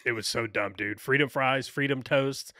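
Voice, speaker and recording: A man's voice: medium pitch, moderate pace, bright, forceful tone, no room sound, studio quality. A man co-hosting a podcast in casual, opinionated chat, ranting with lots of fillers and profanity. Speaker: podcast co-host.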